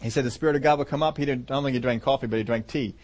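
A man preaching a sermon, urgent and emphatic, swinging between loud bursts and quiet low asides and often repeating himself. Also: fairly even intonation, racing. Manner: repeats and restarts phrases while preaching.

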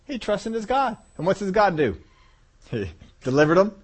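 A man preaching a sermon, animated, acting out voices of God and people and chuckling as he goes. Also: sits high, moderate pace, breathy edge.

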